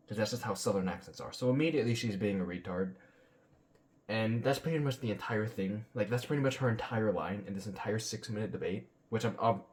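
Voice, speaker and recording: A man's voice: lowish voice, darkish tone. Blunt, profane man ranting. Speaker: commentary channel host. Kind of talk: ranting reaction commentary.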